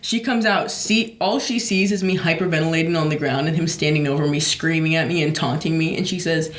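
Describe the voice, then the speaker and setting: Brief: young adult podcast co-host, profane rambling storyteller, mid-pitched voice, echoey room. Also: a little fast. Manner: profane, rambling, many fillers. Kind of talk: casual storytelling.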